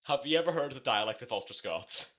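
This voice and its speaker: A speaker from Northern Ireland with an animated pitch reacts with disbelief in a casual chat. Questions often swing up high. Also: quick pace.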